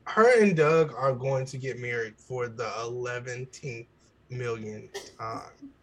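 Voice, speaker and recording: A man's voice: mid-range voice, slow pace, low-quality recording. A man co-hosting a podcast in casual, joking chat with loose slang. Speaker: podcast co-host.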